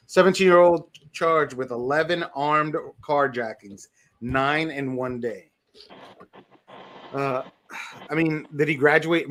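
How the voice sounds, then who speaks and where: A man's voice: medium pitch, fairly bright tone. Guy cohosting a podcast, easygoing and jokey, just shooting the breeze. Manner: laid-back, joking, reads a closing quote. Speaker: podcast co-host. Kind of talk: casual chat.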